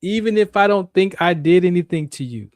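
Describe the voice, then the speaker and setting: Guy hosting a faith talk show, preachy and repetitive, kinda high voice, dry sound. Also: expressive, brisk, a little mellow, no room sound. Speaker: radio show host.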